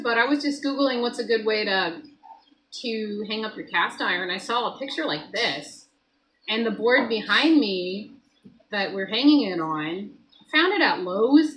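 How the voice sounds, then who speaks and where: A woman hosting a casual morning live stream from her home kitchen, chatting loosely with viewers and greeting them by name, her voice a little hoarse. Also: a little high, fairly bright tone, a little hiss or hum, rough recording.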